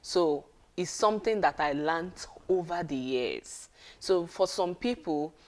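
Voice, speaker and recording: A woman's voice: lowish voice, measured pace. A woman giving an earnest, casual talk on marriage and often checking in with her listeners. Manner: earnest, conversational, with frequent check-ins to listeners.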